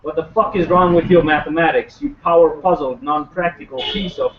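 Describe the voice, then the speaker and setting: A man's voice: on the high side, fairly quick. Male spoken word poet, punchy rhyme, distant roomy dull recording, faint noise. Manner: hesitant intro with fillers, then punchy rhymed delivery. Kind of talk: spoken word poetry performance.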